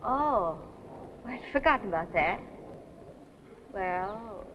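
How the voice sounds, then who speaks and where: A woman's voice: mid-range voice, animated, slow, lo-fi sound, slight background noise. A woman playing a flustered young car buyer, anxious and pleading, in 1930s film acting.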